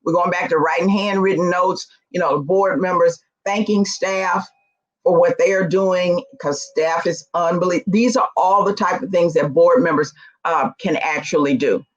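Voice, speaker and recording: A woman giving a conference talk on nonprofit boards, telling stories in a lively, emphatic way. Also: lowish voice, normal speed. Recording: dull lo-fi recording.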